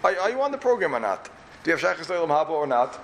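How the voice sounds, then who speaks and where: A rabbi from Borough Park, giving an emphatic yeshiva talk full of repeated questions and wry asides. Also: male voice, a little high, big pitch swings, very fast, a little hiss or hum. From Borough Park, New York.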